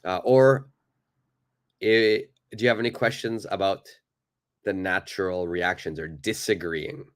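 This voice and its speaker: A man's voice: low voice, fairly even intonation, a little slow. A man teaching a live online English lesson, chatting loosely with many fillers and reading from the chat.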